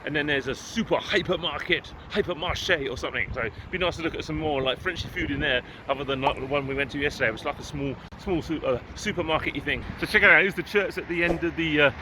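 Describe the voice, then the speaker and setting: A man's voice: a little high, fast talker, few pauses. Chatty English man in street noise. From England. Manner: chatty, grumbling, mild swearing, frequent chuckles. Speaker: travel vlogger. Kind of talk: casual walking vlog. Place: city streets outdoors. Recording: loud street and traffic noise.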